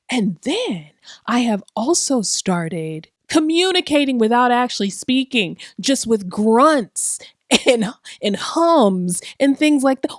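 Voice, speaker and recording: Her voice is a little high, and the clean studio recording carries no echo. A woman in her forties hosts a podcast with a loose, comedic, profane monologue, chatty and self-mocking, asking rhetorical questions and often laughing at herself.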